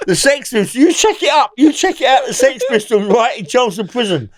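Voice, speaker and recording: A man's voice: very high-pitched, fast, hardly any pauses, dry recording. An older man with a London accent, telling rambling, swear-filled stories as a guest in a casual interview. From England. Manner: rambling, excitable, swears often, lots of fillers. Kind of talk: casual storytelling in a podcast interview.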